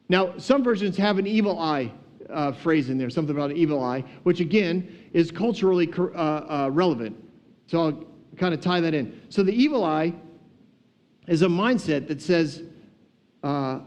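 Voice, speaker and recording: A man teaching on a casual podcast, retelling a story in a lively, humorous, conversational way. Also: on the high side, normal speed.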